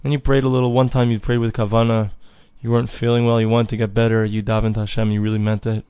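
A man voicing calm angels who explain a soul's small good deeds and its reward. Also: medium pitch, fast, clean tone, no room sound, close to an everyday voice.

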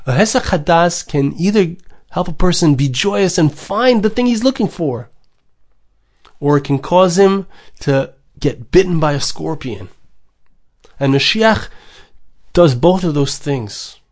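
A man's voice: fairly high pitch, lively intonation, a little slow, pauses often. A man giving a Torah sermon, impassioned, repeating phrases and building to urgent questions. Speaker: rabbi giving a Torah talk.

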